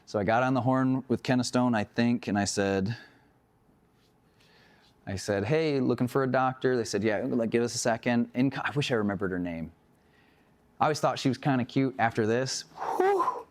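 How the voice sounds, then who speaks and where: A man teaching a class on emergency medical care, telling animated stories from the job and acting out the dialogue, laughing often. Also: mid-range voice, normal speed. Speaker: EMS instructor. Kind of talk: casual classroom lecture with stories.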